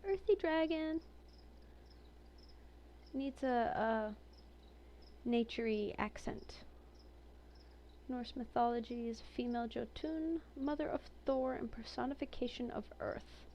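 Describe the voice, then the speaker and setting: Her voice is a little high, and she talks slowly, pausing often. She chats with amusement while going through a game collection, reading out entries between comments. The audio is dull, with slight background noise.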